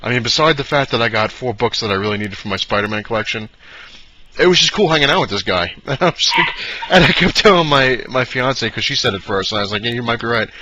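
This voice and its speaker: A man telling a long, rambling story to camera, excitable and full of fillers and restarts. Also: mid-range voice, fast, slight background noise, poor audio. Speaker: comic collector vlogger.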